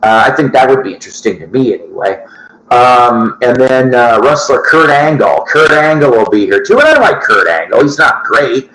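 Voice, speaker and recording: In an echoey room with a bit of hiss or hum, a man chats loosely with viewers on his record-collecting show. His mid-range, fairly bright voice swings widely in pitch at a normal speed, and he swears and laughs at his own side comments.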